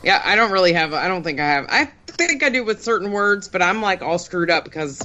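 A speaker from Pittsburgh chatting casually on a podcast, relaxed and agreeable, mostly giving short replies. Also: medium pitch, brisk. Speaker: podcast guest. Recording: lo-fi dull sound.

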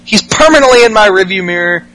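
A high-pitched man with a bright, ringing voice runs through a wrestling recap in casual podcast chat. He swears freely and gets worked up, jumping into the wrestlers' lines as he goes. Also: fast talker, dry recording, rough recording. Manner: profane, excitable, mimics wrestlers' lines. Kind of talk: casual comedic recap with acted-out quotes.

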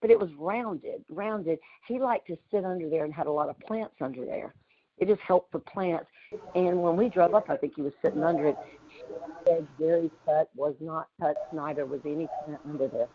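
A woman's voice: deep voice, moderate pace, a little hiss or hum. Chatty Southern woman on a muffled call. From Louisiana. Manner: chatty, animated storytelling with frequent laughs. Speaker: community call participant. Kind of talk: casual group call chat. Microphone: remote call audio.

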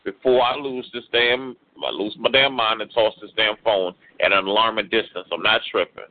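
A man's voice: lowish voice, steady tone, normal speed. Man, spoken word poetry, rhythmic rhyming delivery, tinny phone-line sound. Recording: tinny phone-like radio audio.

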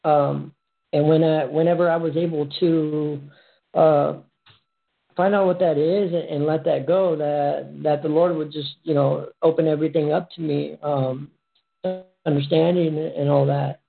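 A speaker answering in casual conversation, hesitant and halting, with many "um" and "you know" fillers. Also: mid-range voice, flat delivery, creaky. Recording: tinny phone-like line.

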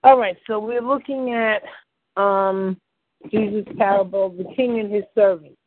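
The host of a prayer conference call, reading Bible parables aloud in a plain, unhurried way. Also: medium pitch, steady tone. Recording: dry phone-line call audio.

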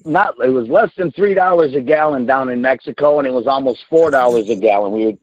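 A man's voice: medium pitch, fast talker, a little mellow, dry recording, muffled recording. A man in his sixties, a trucker calling in, ranting bluntly and cursing freely in casual talk. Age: 60s. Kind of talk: casual call-in rant.

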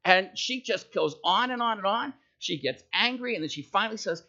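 Gravelly, bright-voiced male preacher. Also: high-pitched, animated, moderate pace, hardly any pauses, dull audio. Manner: conversational, tells jokes and stories, checks in with listeners. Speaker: pastor. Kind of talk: sermon.

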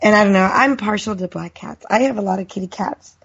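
A middle-aged woman on a podcast, chatting in a friendly way and telling drawn-out stories. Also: mid-range voice, vocal fry, breathy edge, highs cut off. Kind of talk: casual chat.

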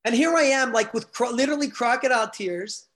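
Promoter type, middle-aged man, fast and high-voiced, animated storyteller. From Canada. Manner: animated, swears freely, retells quotes with feeling. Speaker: guest, event promoter. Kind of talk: casual storytelling.

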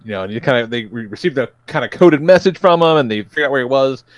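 A man's voice: mid-range voice, animated, quick pace, dry recording, highs cut off. A man hosting a podcast, chatting casually in a rambling way and swearing freely. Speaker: podcast host. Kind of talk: casual chat.

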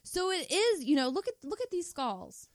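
A woman's voice: very high voice, sing-song, normal speed, no echo, clean studio sound. A woman co-hosting a podcast, telling meandering stories in casual chat, hedging as she goes. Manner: chatty, meandering, hedging storyteller. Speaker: podcast co-host.

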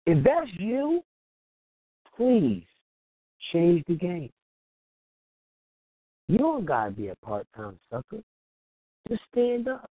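Speaking slowly with long pauses, a man with a high voice and wildly swooping pitch phones into an internet radio show. The small business owner acts out other people's voices and chuckles through his anecdote before moving to advice, and the tinny phone line has no room sound.

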